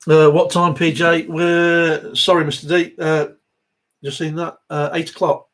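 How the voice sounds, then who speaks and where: A man's voice: on the high side, level tone, a little slow, fairly bright tone, poor audio. A middle-aged man hosting a live Q&A stream, chatting casually and reading viewer comments aloud.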